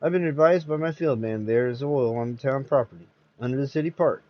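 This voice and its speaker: A man voicing a smooth-talking male con man who passes himself off as an oil locator, breezy and ingratiating. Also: medium pitch, brisk, lo-fi sound, natural voice.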